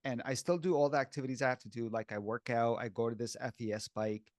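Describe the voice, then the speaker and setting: A man's voice: mid-range voice, fairly even intonation, quick pace, no echo, clean studio sound. A man co-hosting a podcast, talking casually and candidly and calling the other host "bro" and "dude".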